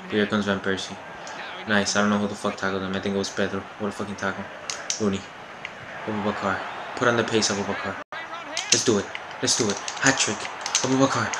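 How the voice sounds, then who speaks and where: A young man giving loud, profane, excitable live commentary on his own football video game match. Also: lowish voice, noisy background. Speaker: gaming YouTuber.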